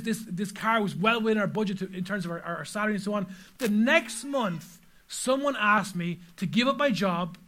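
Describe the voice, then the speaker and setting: A man's voice: high voice, bright, forceful tone. A middle-aged man preaching a sermon to a church audience, telling stories and pressing listeners with repeated rhetorical questions. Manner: storytelling, emphatic rhetorical questions. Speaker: pastor. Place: church service before an audience.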